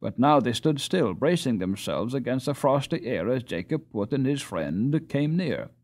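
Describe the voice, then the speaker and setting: A man's voice: medium pitch, sing-song, moderate pace, darkish tone. A man reading a classic children's novel aloud as an audiobook narrator. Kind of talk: storybook reading.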